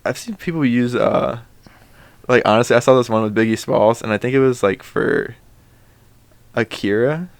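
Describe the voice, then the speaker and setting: A man's voice: mid-range voice, moderate pace, long pauses, smooth, no room sound. A young man co-hosting a podcast, speaking in an easygoing bro style that is hesitant and full of fillers. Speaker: podcast co-host. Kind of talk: casual chat.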